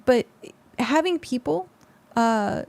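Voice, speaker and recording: A woman's voice: sits high, expressive, slow pace, creaky, a little mellow. A young adult woman streamer chatting casually with her viewers on a close mic, rambling with lots of fillers. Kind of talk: casual livestream chat with viewers.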